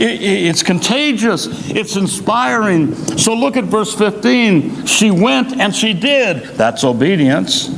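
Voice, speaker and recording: Male associate pastor, sermon delivery, slow and emphatic, higher voice, church hall reverb. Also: slight background noise. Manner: emphatic preaching with dramatic pauses. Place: church sanctuary.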